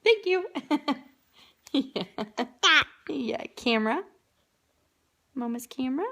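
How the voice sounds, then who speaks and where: Coaxing, slow-talking mother in baby talk. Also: high voice, lively intonation, creaky. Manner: coaxing, sing-song and cooing. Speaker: mother filming her toddler.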